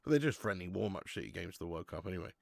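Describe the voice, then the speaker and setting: A man's voice: deep voice, lively intonation, racing, creaky, no room sound, clean studio sound. A man hosting a live football watch-along, chatting casually, swearing and reading out viewer messages.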